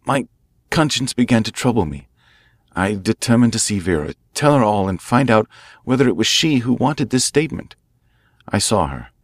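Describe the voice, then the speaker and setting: A guilt-ridden male prisoner pleading his case, his voice pushed up high and loud with strain, as a male reader puts him on. He sounds broken and cornered, recorded close and dry with no room around him. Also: big pitch swings, normal speed, dry recording. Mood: confessing. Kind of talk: audiobook character voice.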